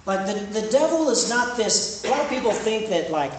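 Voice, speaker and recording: Preaching to a campus ministry, a young man moves from a conversational tone into emphatic points. He has a high voice, very animated, at a moderate pace. The recording carries echo, faint noise and a far-off microphone.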